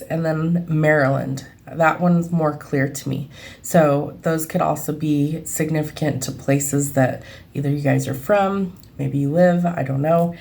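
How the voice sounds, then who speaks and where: A woman with a notably low, deep voice talks through a psychic reading at her own pace. She hesitates often, filling gaps with ums as she thinks aloud and describes what she senses. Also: vocal fry, darkish tone. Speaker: medium giving a reading. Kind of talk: unscripted spoken reading.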